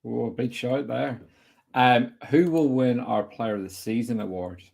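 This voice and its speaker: A young man hosts a laid-back football podcast, firing rapid questions at his guest in a chatty, opinionated way. His voice sits in the mid-range, gravelly yet a little mellow.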